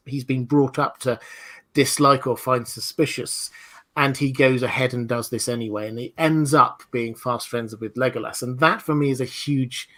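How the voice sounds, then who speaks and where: A man's voice: mid-range voice, a bit bright. A man hosting a livestream discussion, talking in a rambling, digressive way with many fillers and restarts. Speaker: host.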